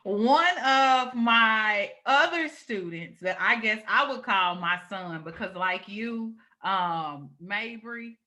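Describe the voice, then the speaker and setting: A woman, a former teacher co-hosting a casual video-call chat, talks in a lively, teasing, chatty way. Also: mid-range voice.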